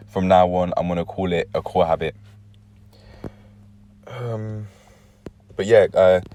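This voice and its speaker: A man's voice: sits low, darkish tone. A young man talking through a casual personal vlog, rambling and reflective, correcting himself often, with a dry throat. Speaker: vlogger.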